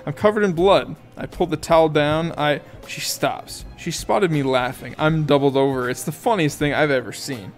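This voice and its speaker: A man's voice: fairly high pitch, normal speed, hardly any pauses, faint music behind. Man narrating an audiobook with amusement. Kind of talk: first-person audiobook narration.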